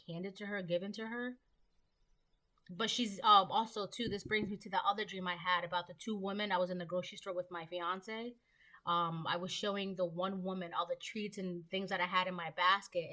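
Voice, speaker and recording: Rambling, slightly low-voiced tarot woman. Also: fairly bright tone. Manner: rambling and chatty, with frequent ums and casual swearing. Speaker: tarot reader. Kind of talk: casual collective tarot reading.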